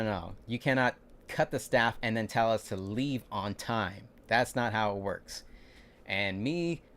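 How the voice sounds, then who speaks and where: Young man rambling through a lively work story. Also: on the low side. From California. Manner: rambling, animated retelling with acted-out quotes and frequent restarts. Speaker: vlogger recounting a work shift. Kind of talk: casual livestream storytelling.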